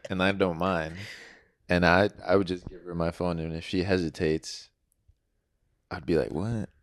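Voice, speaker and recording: A man's voice: deep voice, flat delivery, moderate pace, dry recording, clean studio sound. A man co-hosting a podcast in casual chat, telling laid-back stories and swearing freely. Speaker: podcast co-host.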